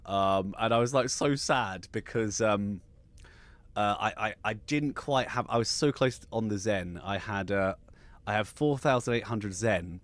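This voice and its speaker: A man hosting a casual live stream, excitable and stammering through restarts as he shares his views. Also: fairly low pitch, measured pace. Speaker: podcast host.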